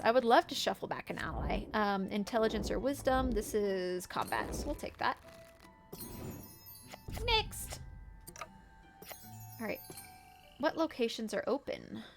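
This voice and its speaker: A woman's voice: on the high side, lively intonation, unhurried, long pauses, soft background music. A woman streamer giving casual, playful gameplay commentary, often giggling as she narrates her characters' antics.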